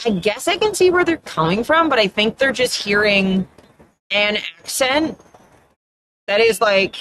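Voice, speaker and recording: A woman's voice: medium pitch, animated, measured pace, fairly bright tone. Chatty woman with an Atlantic Canadian accent. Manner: rambling and chatty, often trailing off and restarting. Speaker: streamer. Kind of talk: casual chat while gaming on a live stream.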